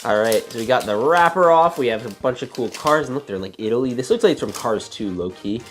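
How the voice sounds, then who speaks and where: A man hosting a casual toy unboxing, chatting excitedly as he builds and often jumping up in pitch. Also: fast talker, soft background music.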